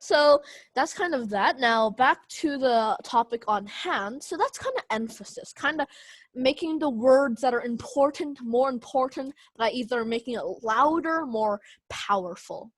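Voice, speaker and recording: A woman's voice: sits high, animated, measured pace, no room sound. A young woman teaching an online speech class, casual with many fillers. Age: young adult.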